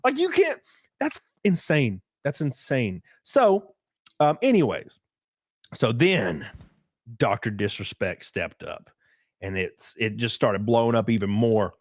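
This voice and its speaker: A young man hosting a podcast, chatting casually in an animated, ranting way and mocking others' voices. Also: mid-range voice, slow pace, dry recording, clean studio sound. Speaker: podcast host. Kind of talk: casual opinionated chat.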